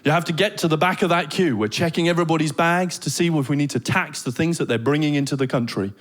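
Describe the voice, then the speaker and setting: A man's voice: a little high, fast, natural voice. A man doing a stern customs officer, big guy, curt, officious.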